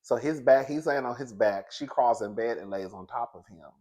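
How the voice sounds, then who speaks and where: Young male reviewer, gossipy and animated, medium pitch, keeps calling the audience girl and baby. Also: normal speed. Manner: sassy, gossipy, laughs often, calls listeners girl and baby. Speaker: TV show reviewer. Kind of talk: animated casual recap.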